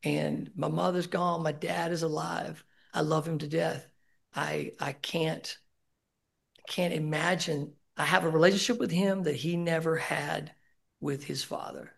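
In a meeting room support group, a middle-aged man opens up emotionally and frankly about himself, cursing in a casual way. He talks unhurriedly in a fairly high, creaky voice with fairly even intonation.

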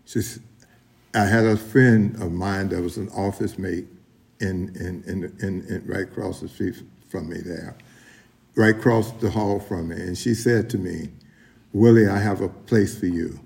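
Man, middle-aged, low voice, gravelly, rambling personal testimony. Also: fairly even intonation, measured pace, darkish tone. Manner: rambling, repeats and restarts, addresses the room. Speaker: recovery meeting speaker.

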